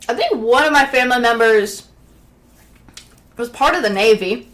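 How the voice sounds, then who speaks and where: A woman streaming a casual chat from home, rambling along with fillers and restarts and clearing her throat now and then. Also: on the high side, expressive, normal speed, a bit bright. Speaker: live streamer.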